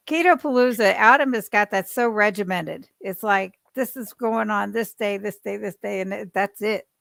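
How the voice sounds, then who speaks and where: A woman's voice: medium pitch, moderate pace, creaky, a bit bright, dry recording. A woman hosting a livestream, chatting and reading viewer comments aloud. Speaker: livestream host. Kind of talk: casual livestream interview.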